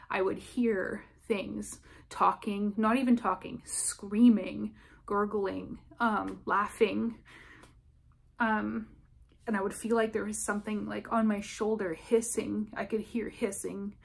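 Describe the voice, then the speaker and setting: A woman giving candid personal testimony to camera, speaking in a halting, emotional way with frequent restarts. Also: medium pitch, level tone, gravelly. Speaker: vlogger sharing a personal experience.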